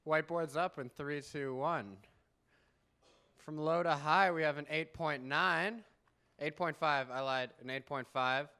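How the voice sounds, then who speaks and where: Bright, crisp-voiced male emcee. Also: on the high side, measured pace. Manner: loose, joking crowd banter with countdowns. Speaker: slam emcee. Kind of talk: live event hosting. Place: university event hall.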